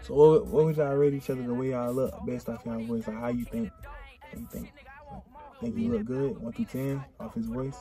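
A young male host with a warm, mellow tone who teases and hypes up the guests in slangy talk. Faint music plays underneath. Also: medium pitch, steady tone, normal speed. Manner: teasing, slangy, hyping. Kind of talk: casual chat.

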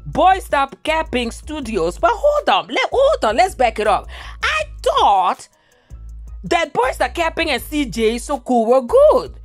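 Woman doing youtube drama news, chatty playful, bouncy high-ish voice, faint music. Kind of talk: drama commentary vlog.

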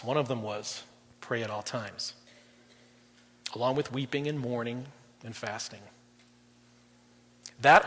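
A middle-aged man preaching a sermon as guest pastor, conversational, swinging between loud emphasis and quiet drops. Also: medium pitch, breathy edge. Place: church auditorium. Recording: long reverb in a large hall.

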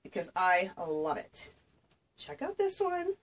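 Taking things slowly, a woman opens a package of craft gifts on her home vlog, recorded on a camera she set up, and gushes with breathless exclamations. Her medium-pitched voice swoops wildly up and down, and there's slight background noise.

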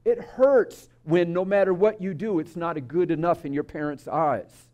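In a muffled recording, a man with a mellow, somewhat high voice preaches at a church service at a moderate pace. He speaks to the spiritual community conversationally, sharing stories and posing asides to the listeners.

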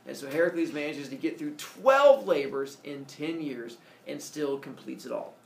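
A male teacher telling a myth to his class in a playful, animated way, asking the students questions. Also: fairly high pitch, normal speed, gravelly. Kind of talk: storytelling to a class. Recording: echoey classroom from far off.

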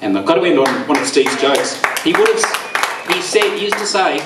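Man, somewhat high voice, teary eulogy, halting, distant mic in an echoey hall. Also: lively intonation, heavy background noise. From Australia. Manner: rambling, halting, with many fillers. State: teary, voice quavering. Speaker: eulogy speaker. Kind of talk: memorial speech. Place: bowls club hall. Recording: echoey room, far from mic.

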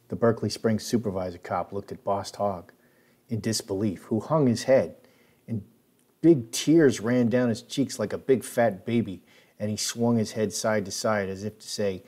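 A man's voice: on the low side, moderate pace, a little mellow. A man recounting his own life story in a casual, spoken way with plenty of filler words. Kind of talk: casual spoken memoir narration.

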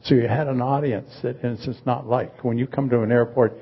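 A man in his eighties, a guest artist, talking in a rambling, halting way with dry humor in a live onstage conversation. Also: medium pitch, fairly even intonation, gravelly, slightly rough, dull audio. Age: 80s.

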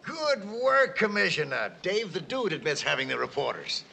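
A pompous city mayor. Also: male voice, sits high, big pitch swings, moderate pace, vocal fry, pushed and bright, slight background noise, full character voice. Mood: indignant. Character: pompous indignant city mayor, older man. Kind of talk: 1960s film comedy acting.

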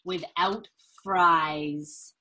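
A woman voicing a mean, boastful male dragon in a children's picture book, read slowly and gloatingly. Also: fairly low pitch, fairly even intonation, sharp tone, pitched below the performer's own voice, full character voice.

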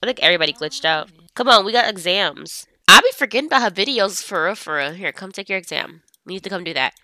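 A woman's voice: medium pitch, expressive, fast, pushed and bright, no echo. A young woman chatting casually as she plays a life-sim game, talking to her characters. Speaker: gameplay streamer. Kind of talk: casual gameplay commentary.

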